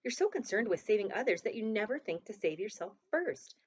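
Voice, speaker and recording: A woman's voice: mid-range voice, big pitch swings, a little fast, a little mellow, breathy edge, voice pushed up. A woman voicing a stern young man who scolds a friend urgently while pulling her to safety. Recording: dull lo-fi recording.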